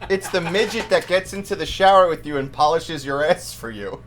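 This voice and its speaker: A man's voice: on the high side, brisk, a bit bright, a little hiss or hum. A man in his thirties hosts a casual talk show, making crude jokes and pushing the guests with requests. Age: 30s. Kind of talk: casual chat.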